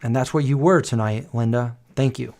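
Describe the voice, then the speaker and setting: Here a man in his forties runs a late-night livestream at a moderate pace, his mid-range voice a little mellow. He tells the chat meandering, playful stories about the past and sings old jingles.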